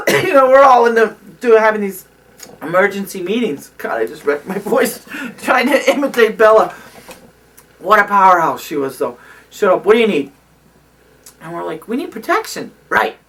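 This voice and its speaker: A woman around sixty recounting memories in an oral history interview. She tells stories in an animated way, with many fillers. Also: mid-range voice, moderate pace, far from the mic.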